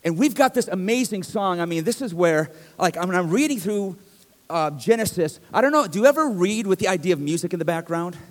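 A man's voice: high-pitched, animated, a little fast, in a large hall. A middle-aged male pastor preaching a sermon in a conversational, joking way that rises to emphatic bursts, in a church. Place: church sanctuary.

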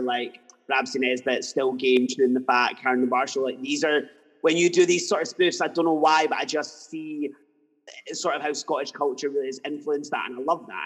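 A man hosts a relaxed interview and encourages his guest. His voice is husky and sits at an average pitch. A long hall reverb trails every word. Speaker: interviewer, host. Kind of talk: casual interview chat.

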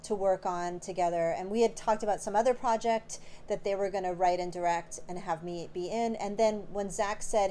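A woman's voice: mid-range voice, steady tone, a little fast, hardly any pauses, dark tone, a little hiss or hum. A woman, born in Canada and raised in Los Angeles, answering interview questions about her film in a chatty, rambling way with plenty of fillers. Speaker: filmmaker guest.

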